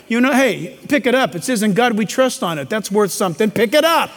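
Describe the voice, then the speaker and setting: High-voiced preacher man in a reverberant hall. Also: very animated, brisk, few pauses, some chatter behind, slight background noise. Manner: emphatic, joking asides, preachy. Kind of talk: sermon.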